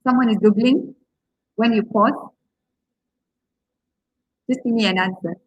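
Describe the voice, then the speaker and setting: A woman's voice: on the high side, a little slow, no echo, low-quality recording. A woman lecturing on public speaking, who asks her class questions and pads her talk with "okay" and "right". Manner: encouraging, asks questions, many okays and fillers. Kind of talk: interactive online lecture.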